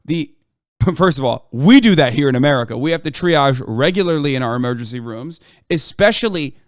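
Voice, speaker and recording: Blunt, argumentative man with a smooth voice. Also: on the high side, no echo, studio quality. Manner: argumentative and blunt, swears freely. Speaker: live streamer. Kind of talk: heated political commentary.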